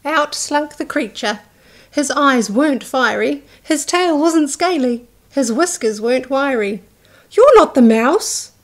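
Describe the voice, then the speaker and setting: Slow, expressive New woman storyteller. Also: high-pitched. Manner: slow, expressive, doing voices for characters. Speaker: childcare storyteller. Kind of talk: reading a picture book aloud to children.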